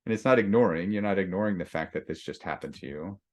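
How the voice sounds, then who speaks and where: A male leadership coach with a low voice talks through a workshop lesson. He is loose and conversational, restarting his sentences and acting out the griping voice in people's heads. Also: quick pace, a little mellow. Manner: conversational, acts out inner voices with many restarts.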